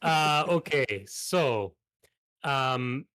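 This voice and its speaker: A man's voice: mid-range voice, animated, very slow, noisy background. A man playing a card game as a podcast guest, rambling and joking in a put-on mock foreign accent. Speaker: guest player. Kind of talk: casual tabletop game play on a podcast.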